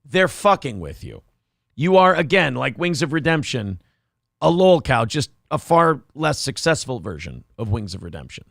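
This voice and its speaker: A man's voice: mid-range voice, big pitch swings, normal speed, gravelly, a bit bright, no room sound. A man hosting a morning talk show, chatting casually in a sarcastic, mocking way into a studio mic. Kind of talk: casual chat.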